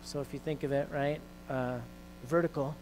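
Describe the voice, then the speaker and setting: A man preaching a sermon in a conversational way, with fillers and restarts, growing louder and more intense when he quotes scripture. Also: medium pitch, steady tone, normal speed, slight background noise, low-quality recording. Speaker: pastor.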